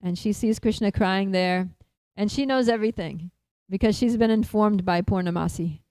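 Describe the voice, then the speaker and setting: Mellow-voiced woman telling a devotional story. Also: medium pitch, moderate pace, smooth, dry recording, poor audio. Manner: animated, laughs often, many fillers. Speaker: speaker at a temple feast.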